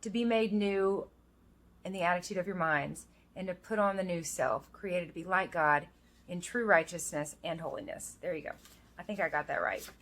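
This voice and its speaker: Earnest woman vlogging, low-pitched voice. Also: normal speed, fairly bright tone. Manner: earnest, reflective, quoting verses aloud. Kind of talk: casual personal vlog with scripture reading. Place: outdoors in the rain.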